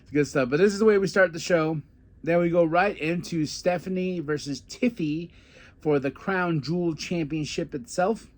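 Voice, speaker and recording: A man with a somewhat high voice hosts a podcast and recaps a wrestling event in a loose, chatty way. He talks like a fan and often slips into lively quoted lines. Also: normal speed. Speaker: podcast host.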